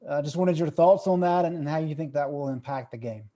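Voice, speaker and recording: Mellow-voiced male reporter asking a question. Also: fairly high pitch, fairly quick.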